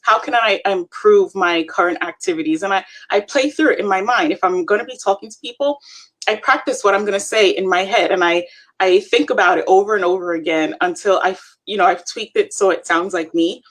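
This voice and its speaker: A woman's voice: mid-range voice, fairly quick, a bit bright. A woman co-hosting a live stream, coaching viewers in an encouraging, chatty way. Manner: encouraging, addresses viewers as "you guys". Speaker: co-host, Avon representative.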